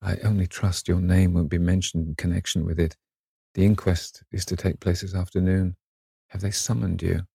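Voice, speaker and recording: Man reading as an earnest, gravelly painter. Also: sits low, level tone, moderate pace, no echo, studio quality, heavily acted. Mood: gentle. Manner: warm-hearted, coaxing, pleading. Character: older male painter, earnest and fond.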